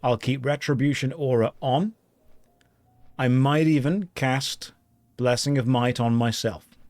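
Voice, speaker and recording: A man live-streaming an online game, chatting casually with his viewers and joking in a deadpan way while reading their messages aloud. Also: medium pitch, unhurried, no room sound.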